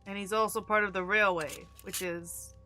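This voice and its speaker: A woman's voice: mid-range voice, fairly even intonation, moderate pace, pushed and bright, faint music behind. A young woman streaming a game, chatting casually and reading in-game letters aloud in playful voices. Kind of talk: casual live-stream commentary.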